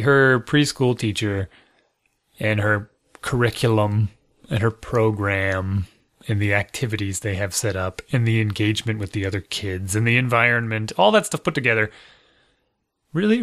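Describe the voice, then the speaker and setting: A man in his thirties co-hosting a podcast, chatting casually. He rambles, restarts often and pokes fun at himself, at a middle pitch. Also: normal speed, a bit bright. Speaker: podcast co-host. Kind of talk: casual chat.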